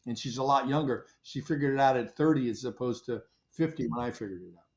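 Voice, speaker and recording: An older man, a company founder, telling stories in a relaxed interview and acting out his own past conversations. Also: medium pitch, fast. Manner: animated storyteller, acts out his own past dialogue. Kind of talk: casual interview storytelling.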